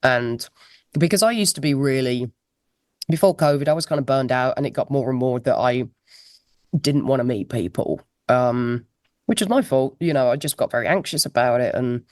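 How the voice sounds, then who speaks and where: A woman's voice: rumbling low, normal speed, a little mellow, no room sound, clean studio sound. A woman, a musician guest telling anecdotes in a chatty, laughing way over a laptop video call. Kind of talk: casual interview chat.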